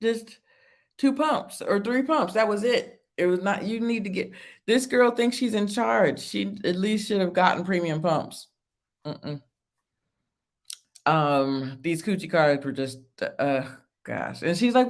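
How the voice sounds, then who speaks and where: In an unhurried, medium-pitched voice, a woman runs a casual reality TV review stream. She responds to what viewers write, laughs a lot, and emphatically repeats phrases to drive points home.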